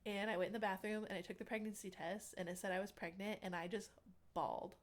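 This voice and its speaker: A young woman talks through a personal story as an interview guest, with a medium pitch. She fills her speech with "like" and slips into quick acted-out bits of what others said. Her tone is chatty and conversational. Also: fairly even intonation. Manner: chatty, many "like" fillers, acts out quotes. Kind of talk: casual storytelling.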